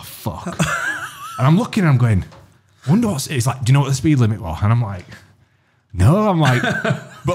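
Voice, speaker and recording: A man, hosting a podcast and telling a story in a lively, sweary way. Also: mid-range voice, noisy background. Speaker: podcast host. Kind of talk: casual chat.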